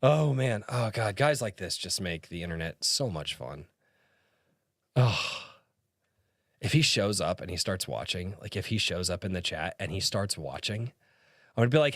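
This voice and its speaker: A man chatting on a live stream, his voice swinging up and down in pitch as he reads comments out. He laughs often, swears freely, and mocks the comments with open amusement. The sound is dry and close, with no room around it. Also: animated, moderate pace, a bit bright, no room sound. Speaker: streamer reading viewer comments. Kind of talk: casual live-stream chat.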